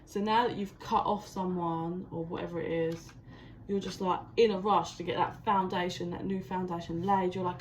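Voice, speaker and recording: A woman's voice: medium pitch, normal speed, a little hiss or hum. A woman giving a chatty, channeled tarot reading, with lots of "like" and restarts. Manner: chatty, animated, full of "like" and restarts. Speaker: tarot reader.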